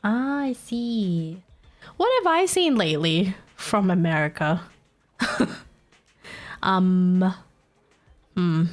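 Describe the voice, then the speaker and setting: A woman's voice: lowish voice, lively intonation, very slow, pauses often. A young Australian woman chatting casually on a live stream, laughing often and poking fun at accents. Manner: giggly, chatty, mocks accents.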